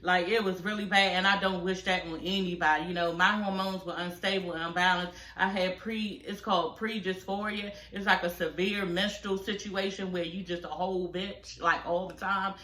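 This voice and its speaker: Woman, 40s, casual commentary, crisp bright tone, candid and profane, echoey room. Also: fairly low pitch, fairly even intonation, normal speed, hardly any pauses. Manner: candid, profane, storytelling with many asides. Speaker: reality show commentator.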